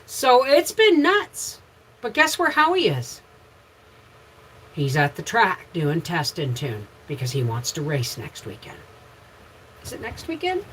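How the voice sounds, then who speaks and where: A woman's voice: fairly low pitch, wildly swooping pitch, a little slow, pauses often, fairly bright tone, slight background noise, poor audio. A middle-aged woman with a Canadian accent hosting a casual home livestream, chatting about her day and greeting viewers by name. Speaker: homesteading livestream host. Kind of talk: casual live chat with viewers.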